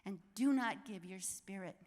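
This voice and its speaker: An older woman, an author and inspirational speaker, giving an energetic, exhorting live talk to an audience and laughing often. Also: medium pitch, moderate pace. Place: large hall with live audience. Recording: reverberant hall sound.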